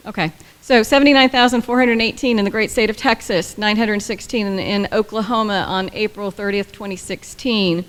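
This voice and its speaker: A woman's voice: medium pitch, brisk, few pauses. Blunt woman presenting in echoey hall. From United States. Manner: blunt, animated, joking asides. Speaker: government agency presenter. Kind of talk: workshop presentation. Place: conference room.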